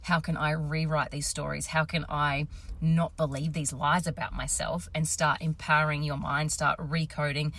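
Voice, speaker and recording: A woman in her thirties, a confidence coach, casually telling a story to camera, lively and quick to swear. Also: sits low. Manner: animated, swearing, acts out quotes.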